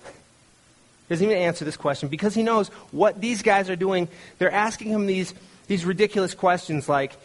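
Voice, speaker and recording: A man's voice: high-pitched, moderate pace. A middle-aged man preaching a conversational sermon. He retells a story in a loose, storytelling way, with many restarts, and briefly acts out the voices he quotes. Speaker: pastor.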